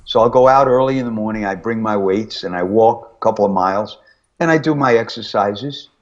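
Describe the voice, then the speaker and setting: A man's voice: fairly low pitch, fairly quick. Older man, interview guest, storyteller, muffled lo-fi recording. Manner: storytelling, animated when quoting family. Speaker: guest singer. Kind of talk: casual interview chat.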